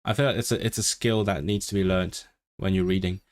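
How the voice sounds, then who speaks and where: A man's voice: low voice, steady tone, fairly quick, a little mellow. Chatty man studying a language on stream. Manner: chatty and self-interrupting, with frequent restarts. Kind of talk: casual study livestream, reading aloud and musing.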